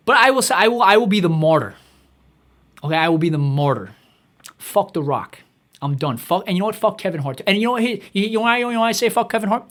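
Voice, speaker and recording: Fast-ranting, fed-up man. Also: on the high side, a bit bright. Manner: rapid, exasperated, swearing tirade. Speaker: comedic ranter. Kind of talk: profane comedic rant.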